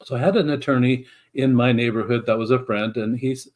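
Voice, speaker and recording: Middle-aged man, interview guest, earnest, reflective, frequent restarts, mid pitch. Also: fairly even intonation, brisk. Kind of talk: conversational storytelling.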